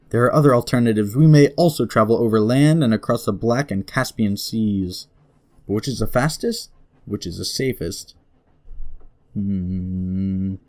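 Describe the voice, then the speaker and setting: A man's voice: lowish voice, darkish tone. Giggly man reading game text aloud. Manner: giggly, laughs often while reading; reads story passages slowly, then mutters quick asides. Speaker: let's play gamer.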